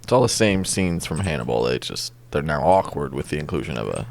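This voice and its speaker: A man's voice: very deep voice, animated, fairly quick, vocal fry, darkish tone. A man co-hosting a podcast, chatting casually with dry jokes over a game being played. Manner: dry, joking, tangent-prone. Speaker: podcast co-host. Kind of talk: casual chat over gameplay.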